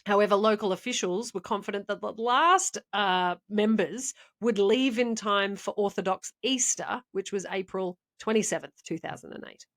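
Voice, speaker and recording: At normal speed and with few pauses, a woman with a mid-range, fairly bright voice tells a story on a casual podcast she co-hosts. She rambles chattily and laughs frequently along the way.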